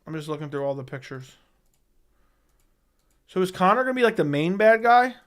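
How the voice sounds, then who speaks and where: Smooth-voiced man reading chat on a livestream. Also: sits high, expressive, normal speed. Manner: blunt and profane, repeats himself. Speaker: MMA livestream host. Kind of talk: casual live-stream chat reading viewer comments. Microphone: studio dynamic microphone.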